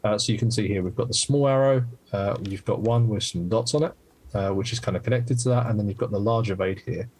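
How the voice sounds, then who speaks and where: A man's voice: fairly low pitch, fast, a little mellow, slightly rough. A man, a game designer, patiently explaining the rules while demoing his board game, with many fillers.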